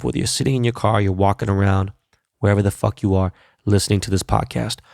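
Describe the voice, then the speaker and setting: A man's voice: on the low side, vocal fry, a little mellow, dry recording, clean studio sound. A man hosting his podcast in a casual solo wrap-up, talking loose, blunt and profane with laid-back slang. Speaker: podcast host.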